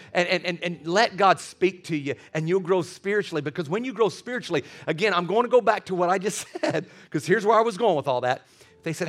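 A middle-aged man preaching a sermon in an animated way, often stammering over repeated words and laughing. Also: high-pitched. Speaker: pastor.

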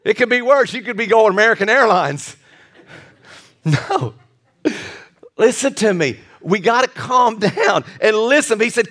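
A male pastor preaching a lively sermon with jokey asides and repeated restarts. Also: sits high, a little slow, long pauses.

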